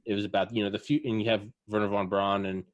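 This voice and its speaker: A man chatting casually as a podcast co-host, telling a rambling, animated story full of fillers. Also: lowish voice, fast, muffled recording. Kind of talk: casual chat.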